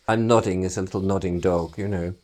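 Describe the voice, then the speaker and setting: A middle-aged British broadcaster chatting casually, telling an animated story, laughing often and acting out what people said. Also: male voice, low-pitched. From Britain. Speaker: broadcaster being painted. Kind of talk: casual chat.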